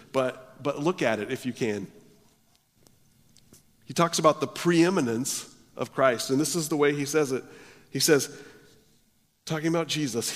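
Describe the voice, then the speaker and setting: A male pastor preaching a sermon, often restarting his words, his voice swelling loud and then dropping low. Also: long reverb tail. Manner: stammering restarts, swells and drops in volume.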